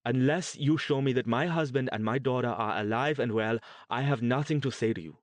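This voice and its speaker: A man's voice: medium pitch, brisk, dry recording, voice pushed up, lightly acted. A man voicing a frightened, defiant mother held captive, talking in a pleading, fierce way in an audiobook. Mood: anxious.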